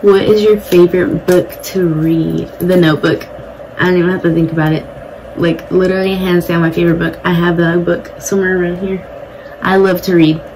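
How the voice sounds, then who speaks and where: A woman's voice: lowish voice, flat delivery, brisk, a little mellow, slight background noise, rough recording. A young woman chatting casually and bluntly while doing her makeup at home, swearing now and then. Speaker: beauty vlogger. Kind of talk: casual get-ready-with-me chat. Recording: music playing behind the voice. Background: music.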